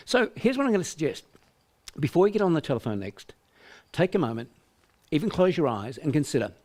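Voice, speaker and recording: A man's voice: a little high, sing-song, quick pace, darkish tone. An older Australian man teaching sales prospecting, emphatic, acting out small voices to make his points. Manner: emphatic, acts out voices to illustrate. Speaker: sales trainer. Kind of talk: business training presentation.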